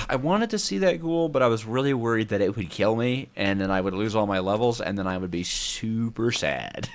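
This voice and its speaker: A young gameplay YouTuber gives casual commentary while playing, animated and rambling, often talking to himself. His voice is fairly low and moves at a moderate pace.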